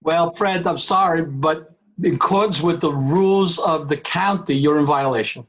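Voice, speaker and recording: Man, high pitch, emphatic meeting chair on a video call. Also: normal speed, a bit bright, dull audio. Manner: emphatic, calls on members by name. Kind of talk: online board meeting.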